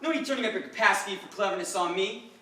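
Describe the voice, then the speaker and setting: A stern, contemptuous older surgeon, voiced by a man in a school stage play. He talks fast and clipped and lectures with scorn. The echoey hall and the distant mic make him sound far away. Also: sits high, animated, bright, forceful tone. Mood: cold, scornful. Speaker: stage actor.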